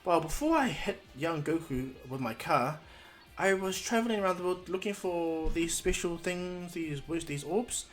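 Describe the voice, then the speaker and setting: A man voicing a flustered, excitable young woman who speaks in a shrill, frantic way. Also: a little slow, faint music behind. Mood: explaining.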